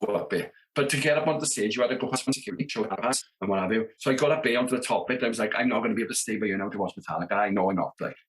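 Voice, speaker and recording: A South Welsh man in his thirties from around Merthyr Tydfil talks fast in a fairly low voice, barely pausing. He's a rock drummer appearing as a podcast guest, casually telling tour stories, acting out the dialogue and saying "you know what I mean" a lot.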